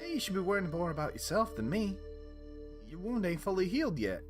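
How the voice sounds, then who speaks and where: A man's voice: low-pitched, normal speed, music in the background, pitched below the performer's own voice, natural voice. A man voicing a plain-spoken rustic village woman with a folksy hick drawl, fussing over an injured stranger.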